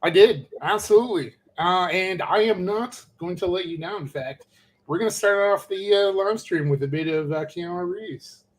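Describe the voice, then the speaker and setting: A middle-aged man with a fairly high voice, casually co-hosting a live stream. He rambles, stops and restarts, and fills gaps with lots of "uh". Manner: rambling, halting with many fillers. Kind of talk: casual chat.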